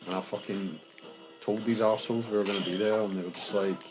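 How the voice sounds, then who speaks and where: A man's voice: fairly low pitch, steady tone, quick pace, over music, rough recording. A Scottish man chatting bluntly and swearing a lot while playing a co-op video game. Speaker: gaming co-host. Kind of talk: casual let's-play banter.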